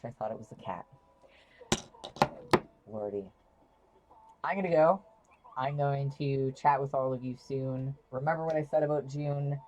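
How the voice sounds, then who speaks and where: A woman's voice: extremely low pitch, dark tone, lo-fi sound. A woman live-streaming from home, chatting casually with her viewers in a rambling way, often interrupting herself and laughing.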